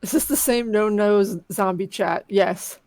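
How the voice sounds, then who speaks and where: A woman co-hosting a text adventure stream, chatting casually with playful deadpan jokes and reading story lines aloud. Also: mid-range voice, a little slow, no echo. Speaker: co-host playing a text adventure game.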